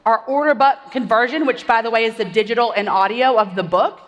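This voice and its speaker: High-pitched lady talking fast on a conference stage, a bit breathless, lots of echo in the hall. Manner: fast, upbeat, rallies the audience with questions. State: slightly out of breath. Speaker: conference speaker. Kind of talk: energetic stage presentation. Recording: long hall reverb.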